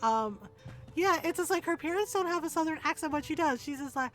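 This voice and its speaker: A woman's voice: high voice, expressive, a little fast, a bit bright, faint music behind. A middle-aged woman streaming a video game, chatting casually in a rambling way with lots of fillers and easy laughs. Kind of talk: casual livestream commentary.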